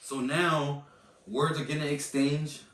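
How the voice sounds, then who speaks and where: A man's voice: fairly high pitch, steady tone, slow pace, noisy background. A man vlogger retelling a confrontation in a heated, casual way, repeating points for emphasis. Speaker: vlogger recounting an incident. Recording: echoey room, mic at a distance.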